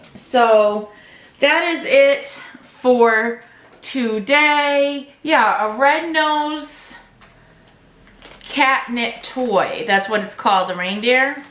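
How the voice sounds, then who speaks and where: A woman's voice: high voice, drawn-out words, fairly bright tone, roomy sound. A woman vlogger unboxing a subscription box at home, gushing over each item and cooing to her cat. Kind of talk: casual unboxing chat.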